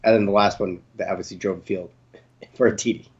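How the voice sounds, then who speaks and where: A man's voice: on the low side, steady tone, quick pace, darkish tone, breathy edge, muffled recording. A man co-hosting a sports stream in casual chat, laughing often and stammering. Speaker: co-host.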